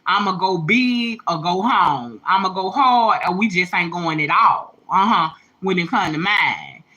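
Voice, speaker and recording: Talking straight to her audience, this livestreaming mom is a bit choked up as she speaks from the heart with slangy emphasis. Her voice is lowish, bright and forceful, expressive and unhurried, and the high frequencies sound clipped.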